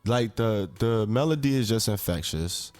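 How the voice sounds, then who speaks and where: A man co-hosting a casual music review podcast, excitable and slangy, humming beats aloud. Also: lowish voice, normal speed. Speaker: podcast co-host.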